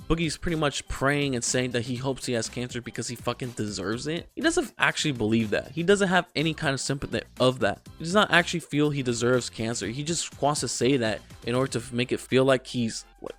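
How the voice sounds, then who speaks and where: A man giving angry, mocking drama commentary, swearing constantly as he rants. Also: mid-range voice. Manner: profane, mocking, ranting. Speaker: commentary youtuber.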